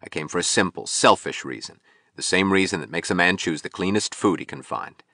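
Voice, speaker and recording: A man reading an audiobook, voicing a resolute male architect who speaks clearly and carefully. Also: low-pitched, a little fast, sharp tone, no room sound, studio quality, full character voice. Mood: steady.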